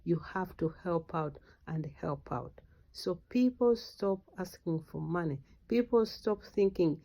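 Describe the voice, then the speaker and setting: A middle-aged woman from Uganda, an activist giving an impassioned political speech, exhorting listeners with sudden loud outbursts. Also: fairly low pitch, animated, a little slow, vocal fry.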